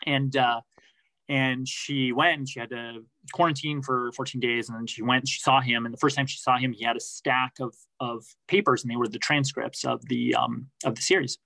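Guy giving interview answers, bright tone, lots of uh and restarts, dry room. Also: mid-range voice, normal speed, dry recording, low-quality recording. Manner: thoughtful, many restarts and fillers. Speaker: podcast reporter, guest.

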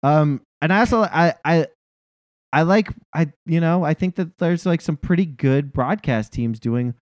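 A man's voice: a little high, measured pace, no echo. Laid-back man in his forties, dry sound. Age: 40s. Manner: rambling, heavy on fillers and laughs. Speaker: podcast co-host. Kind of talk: casual sports chat.

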